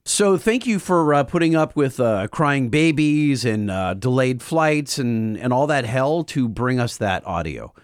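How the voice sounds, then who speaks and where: Lively joking podcast co-host, man. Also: medium pitch, unhurried, few pauses, clear, resonant tone, no room sound, studio quality. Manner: loose and joking, reads out the hotline number. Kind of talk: casual podcast chat.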